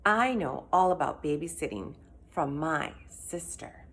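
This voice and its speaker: A woman's voice: low-pitched, expressive, a little slow, a bit bright, exaggerated voice. A woman voicing a bossy, pushy schoolgirl in a read-aloud storybook, talking in an insistent, wheedling way. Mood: eager, wheedling.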